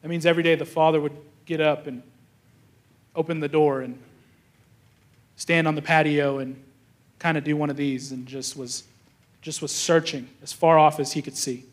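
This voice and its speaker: Storytelling male pastor with a higher voice. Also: fairly even intonation, normal speed, pauses often. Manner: storytelling, acts out quoted thoughts, restarts often. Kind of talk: sermon.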